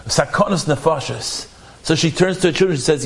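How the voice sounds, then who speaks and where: A man telling an inspirational religious story in an animated, conversational way. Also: a little high, fairly quick, creaky.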